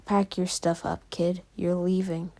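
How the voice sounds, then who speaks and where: A woman voicing a tired, stern adult male teacher who speaks flatly and bluntly. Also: fairly low pitch, measured pace, gravelly. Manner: flat and blunt.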